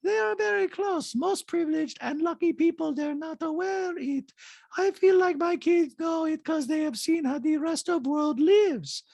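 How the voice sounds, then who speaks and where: A man's voice: moderate pace, gravelly, a little mellow, no room sound. A man mimicking a grand doting rich mother. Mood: airy, doting. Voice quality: high airy exaggerated tone. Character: doting wealthy middle-aged mother, grand.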